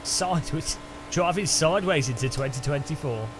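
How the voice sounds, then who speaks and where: A man with an English Midlands accent, chatting casually and excitably while he streams a sim race. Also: a little high, moderate pace. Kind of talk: live-stream chat while sim racing. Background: loud background music.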